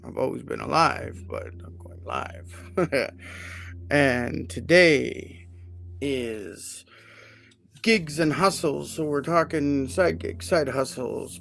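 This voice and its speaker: Forties guy rambling on his live stream, slow and gravelly, cracking jokes about himself. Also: mid-range voice, a bit bright. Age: 40s. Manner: rambling, self-deprecating and joking. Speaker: livestream host, HR consultant. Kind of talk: casual live-stream chat.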